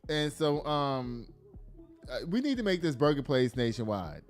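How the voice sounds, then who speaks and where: A man hosting a casual news commentary show, slangy and animated, reacting aloud as he reads headlines. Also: mid-range voice, a little slow, faint music behind.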